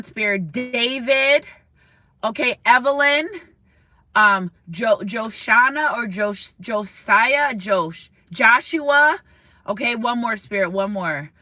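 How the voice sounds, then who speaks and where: A woman's voice: on the high side, bright, forceful tone, no echo. A woman giving a spiritual tarot reading straight to her viewers, emotional and passionate, often repeating herself and asking "okay?". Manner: repeats words, asks "okay?". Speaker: tarot reader.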